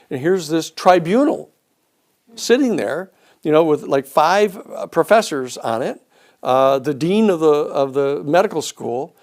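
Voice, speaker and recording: A man giving a storytelling lecture, an animated speaker who acts out the people he quotes. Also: on the high side.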